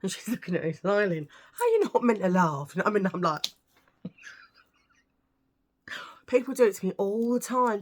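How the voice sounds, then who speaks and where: A woman's voice: mid-range voice, very animated, brisk, long pauses. A British woman vlogging, telling stories to camera in a chatty, ranting way with lots of asides. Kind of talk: casual storytelling to camera.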